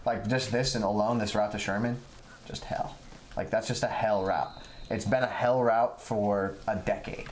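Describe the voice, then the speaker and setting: Excitable man breaking down football plays. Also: lowish voice, moderate pace, a little hiss or hum, poor audio. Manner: excitable, emphatic, talks in restarts. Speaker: co-host and gameplay analyst. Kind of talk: casual gaming chat.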